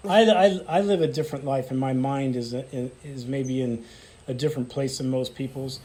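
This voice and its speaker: A man's voice: medium pitch, fairly even intonation, normal speed, dark tone, slight background noise. A middle-aged man from the United States in a casual interview, talking emphatically in bursts with frequent restarts. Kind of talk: casual conversation.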